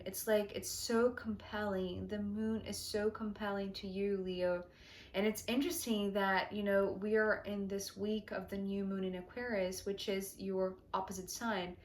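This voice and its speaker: A woman doing a tarot reading, speaking slowly and softly, often sinking to a near whisper. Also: medium pitch, slight background noise. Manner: slow, soft and dreamy, often dropping to a near whisper. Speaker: tarot reader. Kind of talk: intuitive tarot reading monologue.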